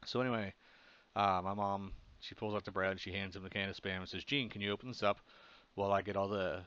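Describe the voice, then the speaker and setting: A man's voice: low voice, steady tone, quick pace, fairly bright tone, a little hiss or hum. A man from Pennsylvania casually tells a childhood story in a rambling way, full of fillers. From Pennsylvania, USA. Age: adult. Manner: rambling, filler-heavy, laughs at his own story. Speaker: comic artist vlogger. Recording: slightly dull, muffled audio.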